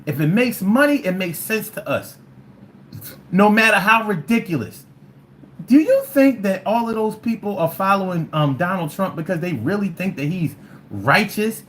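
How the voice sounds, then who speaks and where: A livestream host reading chat comments and rambling, animated and profane, with many restarts. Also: medium pitch, normal speed, a little hiss or hum. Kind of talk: casual livestream talk.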